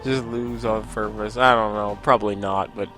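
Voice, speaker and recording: Faint music sits behind a young Let's Play host as he casually talks over his gameplay, rambling along with frequent laughs and self-deprecating jokes. His voice is fairly low and a bit bright, with fairly even intonation at a moderate pace.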